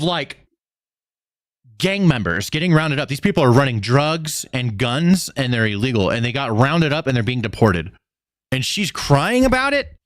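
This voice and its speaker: Profane, animated streamer man ranting. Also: fairly high pitch, no echo, clean studio sound. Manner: profane, sarcastic, exasperated. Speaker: streamer host.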